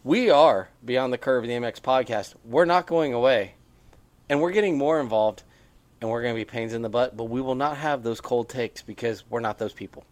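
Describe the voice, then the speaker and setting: A man's voice: mid-range voice, normal speed, no room sound. Man, podcast co-host, chatty and rambling, dry close sound. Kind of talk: casual podcast chat. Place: on a porch.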